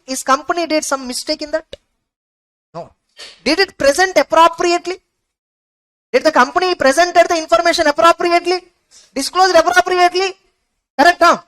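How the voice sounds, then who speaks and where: A woman's voice: high voice, a bit bright, low-quality recording. A woman giving an exam revision lecture, asking her students rhetorical questions and repeating key points. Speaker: teacher.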